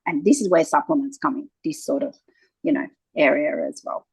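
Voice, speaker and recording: Woman in her fifties, gravelly and husky, low-pitched, dry close sound, lively storytelling guest. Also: fairly quick, no echo, poor audio. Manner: animated storyteller, acting out quoted exchanges. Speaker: naturopath guest. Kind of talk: conversational interview.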